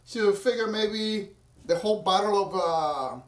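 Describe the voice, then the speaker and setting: A home cocktail maker with a high voice talks at a measured pace, chatting and rambling to viewers at home while he prepares a drink. It's a casual cooking vlog, and the mic sits far away, giving a roomy sound.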